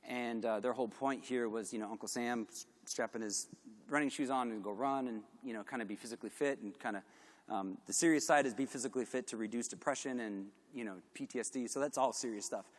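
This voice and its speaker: A middle-aged man giving a candid conference talk, animated and self-deprecating, with lots of fillers. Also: mid-range voice, fast talker. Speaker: conference speaker. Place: large conference hall. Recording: long hall reverb.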